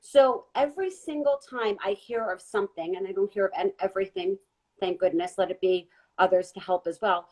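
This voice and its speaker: A woman guest giving an earnest, gentle spiritual talk during a live online chat. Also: mid-range voice, brisk, rough recording. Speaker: guest intuitive reader. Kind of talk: casual live-stream talk.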